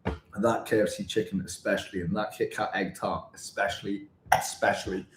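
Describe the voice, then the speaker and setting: A Welsh man chatting casually with viewers on a livestream, reading out comments and trying out halting Spanish. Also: fairly low pitch, fairly even intonation, roomy sound, a little hiss or hum. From Wales. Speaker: vlogger on a livestream. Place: indoors in Bangkok.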